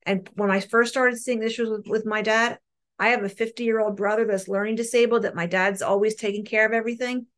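A woman's voice: fairly high pitch, steady tone, fairly quick. Middle-aged woman, New Jersey accent, candid and earnest, speaking on a video call. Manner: earnest, frank, repeats words as she goes. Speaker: meeting member sharing. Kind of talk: personal recovery share. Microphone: online meeting call.

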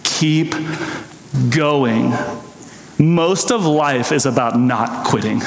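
A man's voice: mid-range voice, extremely slow, a crowd in the background. A man preaching a sermon, telling his own story with earnest, emotional intensity. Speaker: pastor. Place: church sanctuary. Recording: echoey hall with long reverb.

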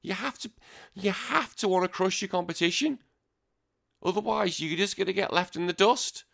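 A man's voice: high voice, moderate pace, gravelly, a bit bright. A British man hosting a gaming podcast, ranting bluntly and emphatically with frequent swearing. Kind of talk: opinionated podcast rant.

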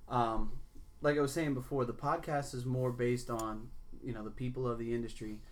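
A man's voice: mid-range voice, steady tone, normal speed. Laid-back man hosting a podcast. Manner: laid-back, rambling storyteller. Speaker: podcast host. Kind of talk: casual chat.

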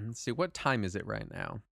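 A man narrating a tabletop game as its game master. He talks in a relaxed way, laughs easily and fills pauses with "uh." His pitch moves a lot, and the sound is dry and close. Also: gravelly, slightly rough, dry recording.

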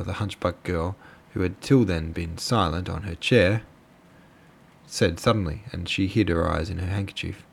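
A man's voice: low-pitched, steady tone, normal speed, creaky, breathy edge. A tired man casually reading a book aloud, stumbling over names now and then. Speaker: audiobook reader.

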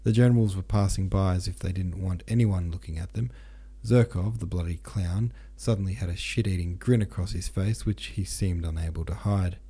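A man's voice: deep voice, fairly even intonation, normal speed, mellow, slightly rough. A man hosting a podcast, reading a classic novel aloud in a casual, irreverent, slangy style. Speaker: podcast host and narrator. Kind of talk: casual audiobook narration.

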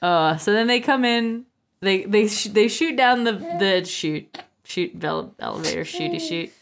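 A woman co-hosting a casual book podcast, animated and joking, with quick asides. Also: mid-range voice. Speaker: podcast co-host. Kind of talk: casual book-club chat.

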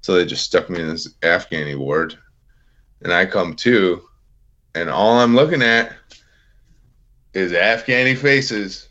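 A man's voice: sits low, measured pace, long pauses, sharp tone, dull audio. A man in his thirties, a veteran guest on an interview podcast, telling his story plainly in a casual, self-deprecating way. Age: 30s.

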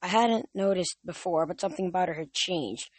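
Young man reading a novel for his podcast, casual and halting, dry. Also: high voice, husky, dry recording. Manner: halting, with restarts and fillers. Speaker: podcast reader.

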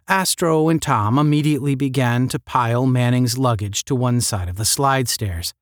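A man reading a 1950s space-adventure novel aloud as narrator, with measured storytelling. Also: mid-range voice, no echo, studio quality.

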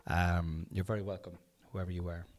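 A man's voice: low voice, flat delivery, moderate pace. A middle-aged Irish man hosting a comedy podcast, rambling and self-mocking with lots of fillers. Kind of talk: casual comedy podcast chat.

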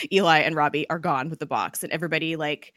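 A woman casually recapping a TV episode in a chatty, rambling way, full of fillers and quick laughs. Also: low-pitched, fairly bright tone, dry recording, clean studio sound. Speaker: podcast host recapping a TV episode.

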